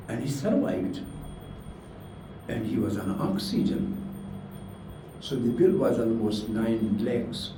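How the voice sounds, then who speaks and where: Slow, earnest man lecturing. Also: fairly low pitch, background noise. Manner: slow and earnest, with many rhetorical questions. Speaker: teacher of a values class. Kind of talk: spiritual lecture. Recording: roomy hall from a distant mic with faint ambience.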